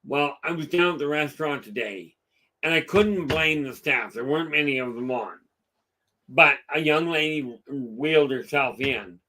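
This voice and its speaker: Middle-aged male host, casual rambling chat, bright and fairly high-pitched. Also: moderate pace, slight background noise. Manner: rambling storyteller, lots of fillers. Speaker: live stream host. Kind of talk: casual chat with live chat viewers.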